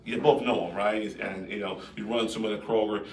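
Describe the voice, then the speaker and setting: A man hosting a live-stream talk, speaking in a lively, conversational way and putting questions to his viewers. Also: fairly low pitch, quick pace, slight background noise. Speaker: host. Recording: roomy echo, distant mic.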